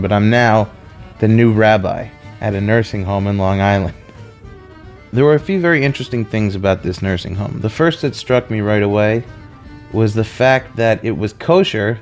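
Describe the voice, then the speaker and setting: A male comedian tells a personal story, chatty and self-deprecating. His voice sits on the low side, with faint music under it. He keeps the tone easy and offhand. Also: moderate pace, darkish tone.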